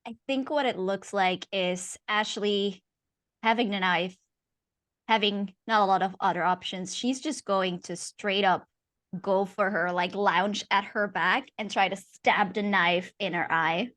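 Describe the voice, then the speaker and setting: A woman's voice: medium pitch, fairly even intonation, unhurried, a bit bright. A woman playing a tabletop game who describes her character's actions in a thoughtful, hesitant way. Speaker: player.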